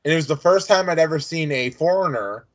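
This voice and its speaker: A man's voice: fairly high pitch, animated, quick pace. A man co-hosting a podcast in casual chat, leading topics with frequent restarts. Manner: chatty, leads topics, hesitant restarts. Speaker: podcast co-host. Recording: dull lo-fi sound.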